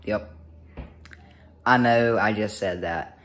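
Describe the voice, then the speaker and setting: A young man, vlogging casually to camera, excitable and rambling with restarts. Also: fairly low pitch, takes it slowly. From United States.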